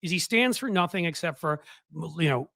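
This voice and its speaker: Male commentary host, casual and scornful, bright tone on a dry close mic. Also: sits high, expressive, normal speed, no echo. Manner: mocking, quotes others in put-on voices.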